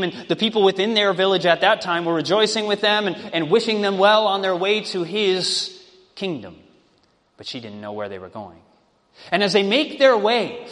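A male preacher telling a story in a sermon, in a dramatic, drawn-out way. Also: high-pitched, fairly bright tone. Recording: long reverb.

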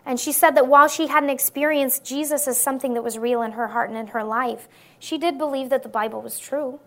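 A woman's voice: sits high, fairly even intonation, brisk, a bit bright. A woman giving an earnest, testimony-style sermon to an audience, often checking in with listeners by asking "right?". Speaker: Christian speaker.

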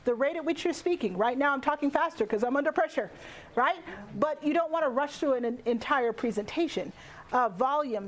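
A woman with a fairly high voice leads a public speaking workshop. She is animated and playful, chats with her audience and laughs often. She speaks into a handheld microphone in a lecture room. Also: normal speed.

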